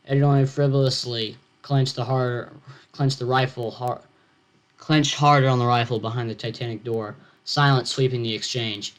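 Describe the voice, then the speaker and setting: Teen male author reading his own story; halting, self-interrupting delivery. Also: medium pitch, steady tone. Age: teens. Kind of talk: reading own fiction aloud with asides.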